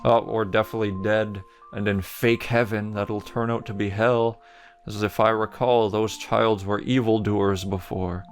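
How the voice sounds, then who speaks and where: A man's voice: fairly low pitch, flat delivery, measured pace, faint music behind. A man hosting a let's play, reacting to a game with wry, joking commentary. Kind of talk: casual gameplay commentary.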